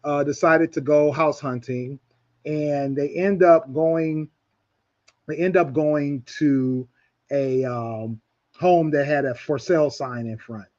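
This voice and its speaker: A man's voice: on the high side, slow pace, darkish tone, lo-fi sound. A man hosting a talk radio show in casual chat, rambling with many restarts.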